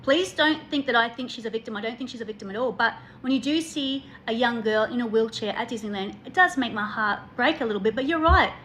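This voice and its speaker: Aussie woman, high bright voice, gushy and dramatic, chatting away. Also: fast, hardly any pauses, a little hiss or hum. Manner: emotional, laughs a lot, exaggerates. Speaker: podcast co-host. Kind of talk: casual chat.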